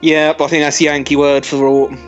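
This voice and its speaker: A man's voice: on the high side, little pitch movement, muffled recording, soft background music. A man co-hosting a casual podcast, giving blunt, sweary opinions. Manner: blunt, swearing, quick to judge. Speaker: podcast co-host.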